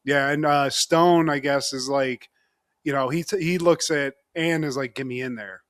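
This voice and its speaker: A man's voice: fairly high pitch, steady tone, measured pace, a bit bright, clean tone, no room sound, studio quality. A man co-hosting a podcast, recapping a TV episode in casual chat, joking and laughing often. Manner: jokey, laughing often, slips into mock voices. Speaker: podcast co-host.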